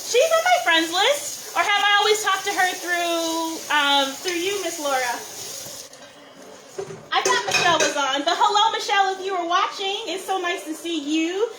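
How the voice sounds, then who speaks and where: A woman's voice: extremely high pitch, moderate pace, reverberant, noisy background. A woman hosting a live cook-along, chatting with viewers and greeting them by name while she cooks, recorded on a phone in a kitchen. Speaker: cooking show host.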